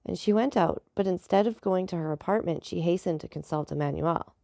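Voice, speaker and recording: Woman reading an old novel aloud, low husky-gravelly tone, dry close mic. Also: a little fast, mellow, dry recording. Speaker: audiobook narrator. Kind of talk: storybook reading.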